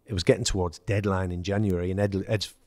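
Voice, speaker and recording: English ex-footballer guest, low dry voice, anecdotal and animated. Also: male voice, quick pace, no echo. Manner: storytelling, acts out quoted dialogue, laughs. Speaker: former footballer, podcast guest. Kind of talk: casual anecdote telling.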